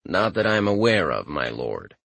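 A man voicing a floating servant spirit who speaks in a flat, formal, deadpan way. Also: low voice, normal speed, creaky, no room sound, pitched below the performer's own voice, exaggerated voice.

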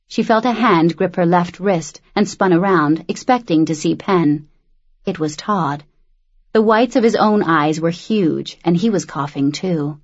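A woman narrating a novel as an audiobook, reading in a measured, steady way on a dull lo-fi recording. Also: lowish voice. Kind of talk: scripted narration.

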